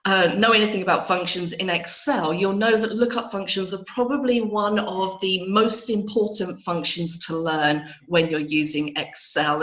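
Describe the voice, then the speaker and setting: A woman, an IT trainer, hosting a live training webinar while hoarse and congested from a cold, chatty and laughing at herself. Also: mid-range voice, fairly bright tone, echoey room, poor audio.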